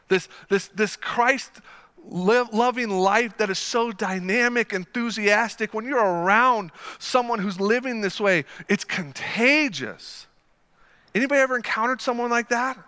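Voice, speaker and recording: A young man preaching a sermon, telling a story with energy and swinging from quiet asides to loud excited bursts. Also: high-pitched, big-room sound. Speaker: pastor.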